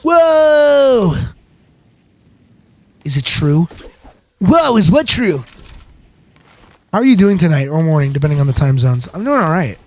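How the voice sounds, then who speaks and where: A man's voice: a little high, big pitch swings, normal speed, long pauses. A man giving casual gameplay commentary, rambling, giggly and self-deprecating. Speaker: gaming channel host.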